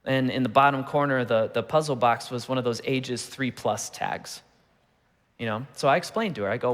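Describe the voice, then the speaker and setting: A man in his thirties gives a Sunday sermon in an easygoing, storytelling manner, slipping in jokes as he goes. His voice sits at an average pitch. It carries the long reverb of a large church hall. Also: normal speed, a bit bright. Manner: conversational storytelling with humor. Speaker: pastor. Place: church auditorium.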